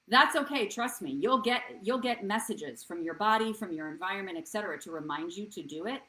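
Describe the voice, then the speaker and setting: A woman's voice: mid-range voice, a bit bright, rough recording. Earnest woman hosting a wellness stream. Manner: earnest, coaching, often asks "right?". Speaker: wellness show host. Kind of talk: live-stream talk to viewers.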